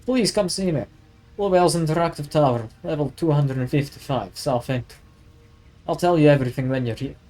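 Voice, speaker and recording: A man voicing a secretive rich male client with a gruff mafia air, curt and insistent. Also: fairly high pitch, fairly quick, a little mellow, lightly acted.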